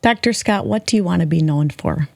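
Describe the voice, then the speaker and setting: A woman hosting a podcast, speaking to her guest in a heartfelt, deliberate way. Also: lowish voice, expressive, creaky, a little mellow, no echo, clean studio sound. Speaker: podcast host. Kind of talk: interview conversation.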